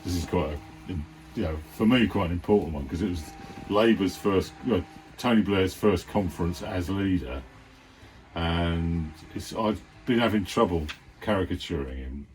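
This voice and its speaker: A man's voice: low voice, normal speed, darkish tone, faint music behind. A cartoonist chatting in his studio about his sketches, rambling and mumbling asides, with swearing and chuckles.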